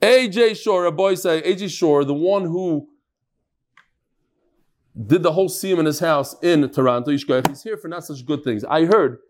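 Animated rabbi with a high-ish voice. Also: male voice. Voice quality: animated, jokey, quick shifts in pitch. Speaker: rabbi leading a daily Talmud class. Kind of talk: lively class talk, reading out messages. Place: room with a live audience.

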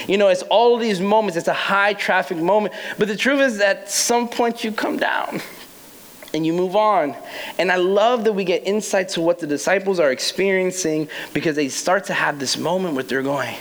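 A man's voice: sits high, normal speed, a bit bright, rough recording. A young adult man preaching a casual, playful sermon as pastor, acting out quoted voices with laughs.

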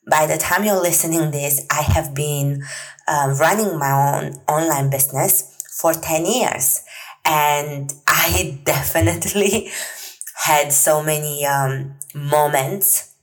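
Low-voiced woman hosting a chatty podcast. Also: poor audio. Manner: chatty and earnest, many fillers and soft laughs. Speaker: podcast host. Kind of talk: solo podcast monologue.

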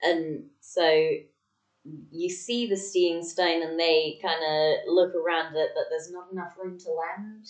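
A woman's voice: lowish voice, steady tone, slow pace. A woman co-hosting a podcast in casual chat, hesitant, with many ums and frequent laughs. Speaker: podcast co-host. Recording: echoey room, distant mic.

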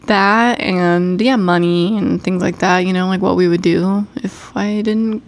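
A woman's voice: lowish voice, fairly even intonation, unhurried. A young woman co-hosting a casual podcast, talking with a stuffed-up nose, rambling and cutting herself off with frequent laughs. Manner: rambling, self-interrupting, laughs often. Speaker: podcast co-host. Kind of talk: casual chat.

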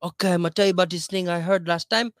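A man's voice: sits high, steady tone, racing, no echo, clean studio sound, lightly acted. A young man putting on a clumsy foreign accent as an upbeat, pushy male radio host.

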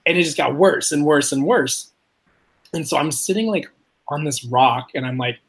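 A young man telling a story casually, rambling and swearing, filling his talk with "like" and jumping up in pitch when he quotes himself. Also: moderate pace. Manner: rambling, profane, heavy use of "like"; animated, jumps high when quoting himself.

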